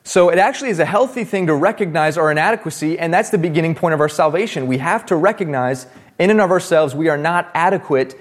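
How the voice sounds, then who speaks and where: Man, pastor, conversational sermon, slightly high voice, acts out dialogue. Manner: conversational preaching, acts out Bible dialogue in his own voice.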